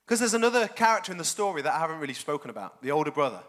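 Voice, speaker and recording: A man preaching a sermon as pastor, animated and jokey. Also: sits high, very fast. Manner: animated, jokey, laughs often.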